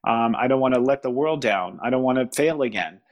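A man speaking as a guest in a casual spiritual conversation, pausing, restarting and searching for words. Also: medium pitch, expressive. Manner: halting, searching for words, frequent restarts and laughs. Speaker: podcast guest.

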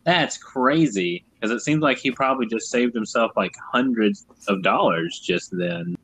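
A man's voice: medium pitch, animated, measured pace, fairly bright tone, slightly rough, low-quality recording. A man in a casual comedic chat who laughs often and keeps the banter going as a podcast co-host.

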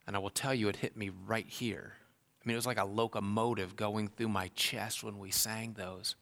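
A man's voice: on the low side, creaky, a bit bright. A man preaching a sermon, earnest and heartfelt, building into raised, emphatic passages. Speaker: pastor.

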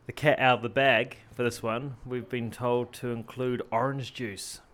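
A man's voice: medium pitch, flat delivery, a little slow, fairly bright tone. A man hosting a casual travel cooking vlog, talking in a rambling, jokey way with lots of fillers and restarts. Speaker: travel vlogger and host.

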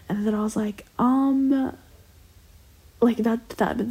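A young woman telling a long personal story in a casual, rambling way, full of "like" fillers and slipping into soft whispers. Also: on the high side, fairly even intonation, a little slow, long pauses, breathy edge.

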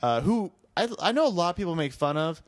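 A man's voice: a little high, sing-song, fast talker, no room sound, studio quality. A man hosting a casual podcast, reading music news and joking, laughing often. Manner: laughs often, jokey, swears. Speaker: podcast host.

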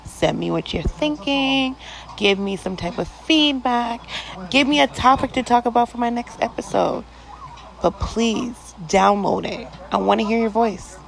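A woman hosting a podcast, telling a story in a casual, animated and crude way, with plenty of swearing. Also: on the high side, a little slow, gravelly, poor audio. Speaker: podcast host.

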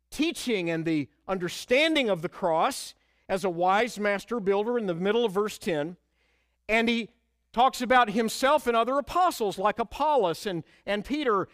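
A man's voice: high voice, expressive, a little slow, fairly bright tone, no room sound, clean studio sound. A man preaching an expository sermon, earnest and emphatic, quoting scripture and hymn lines.

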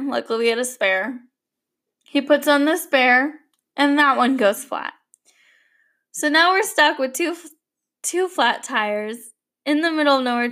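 A woman's voice: on the high side, a bit bright. A young adult woman hosting a podcast, telling a story in a chatty, rambling monologue. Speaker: podcast host. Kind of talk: casual monologue.

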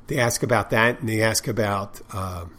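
A man's voice: lowish voice, moderate pace, fairly bright tone. A man who tends bar and hosts a podcast, telling stories in a rambling, profane, casual monologue with many restarts. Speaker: bartender and podcast host.

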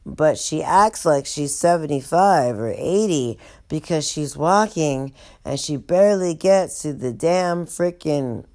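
A woman with a very low voice tells a story in a loose, chatty way. She swears freely and laughs along with herself. Her delivery stays animated throughout. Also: slow pace, hardly any pauses. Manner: animated, profane, laughs often. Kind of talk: casual storytelling vlog.

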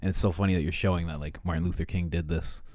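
Deep voiced guy riffing on a podcast, swears a lot, does loud bits, dry mic. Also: steady tone, racing, no echo. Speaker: co-host. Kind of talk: casual podcast chat.

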